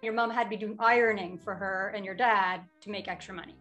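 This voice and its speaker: A woman co-hosting a casual book club chat, telling a lively anecdote and acting out what people said. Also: mid-range voice, fairly quick, highs cut off, soft background music. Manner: lively storyteller who acts out quotes.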